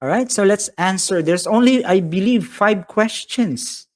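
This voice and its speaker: A man's voice: high voice, measured pace. Upbeat Filipino man teaching a live science class. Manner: upbeat, reads viewer comments aloud, mixes English with Tagalog. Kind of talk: live-streamed online lesson.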